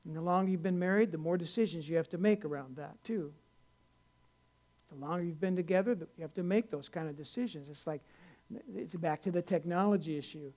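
A man's voice: fairly high pitch, fairly quick, a little mellow. An older man, a pastor, preaching a conversational sermon in a folksy, rambling way, with many restarts, rising to earnest emphasis.

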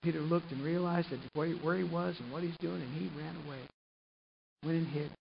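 Gravelly-voiced man preaching a sermon. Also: fairly high pitch, fairly even intonation, brisk. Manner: storytelling, rising to loud emphasis then dropping quiet. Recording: muffled lo-fi recording with faint hiss.

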